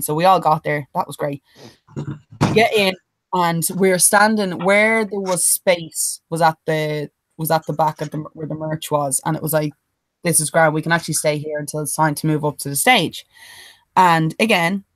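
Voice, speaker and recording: A young Irish woman telling a swear-laden anecdote on a podcast, acting out what others said. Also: low voice. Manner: animated anecdote-teller who swears freely and mimics others in quotes. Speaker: podcast co-host. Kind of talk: casual storytelling chat.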